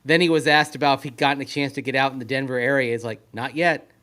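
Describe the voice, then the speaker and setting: Man, sports radio co-host, analytical, skeptical, mid-pitched voice. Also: steady tone, very fast, fairly bright tone, clean tone. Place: at a league meeting venue.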